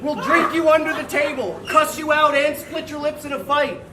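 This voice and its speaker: A man delivering brash battle rap verses, shouting punchlines at a live event. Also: very high voice, steady tone, normal speed, background noise. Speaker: battle rapper. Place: large hall at a live event. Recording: echoey live hall with crowd. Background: loud cheering crowd.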